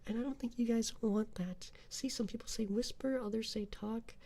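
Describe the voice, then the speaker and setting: A young man chatting with viewers on a live ASMR stream, rambling with many fillers and switching between whispering and soft talk. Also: extremely high pitch, steady tone, moderate pace.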